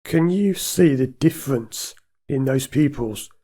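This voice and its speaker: A man's voice: mid-range voice, unhurried, mellow. A man, a driving instructor giving blunt, emphatic advice straight to camera.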